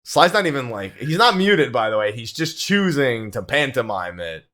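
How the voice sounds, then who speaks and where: A man's voice: medium pitch, big pitch swings, normal speed, pushed and bright. A man hosting a casual gaming podcast, teasing his cohosts and laughing often. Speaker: podcast host.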